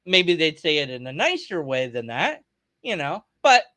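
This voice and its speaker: A man's voice: fairly high pitch, sing-song, normal speed, pushed and bright, no echo. A man hosting a reaction video, ranting at a clip with sarcastic, exasperated, over-the-top comedy.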